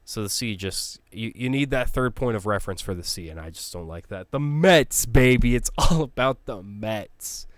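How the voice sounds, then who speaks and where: A man's voice: on the low side, animated, normal speed, few pauses, no room sound. A man giving casual, opinionated commentary, ranting bluntly with swearing and frequent restarts. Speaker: sports logo ranker.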